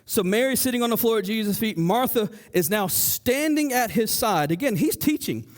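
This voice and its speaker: A male pastor preaching a sermon in a church, lively and animated, acting out the voices of the people in his story, with frequent stammers and restarts. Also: high-pitched, moderate pace, few pauses. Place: church sanctuary.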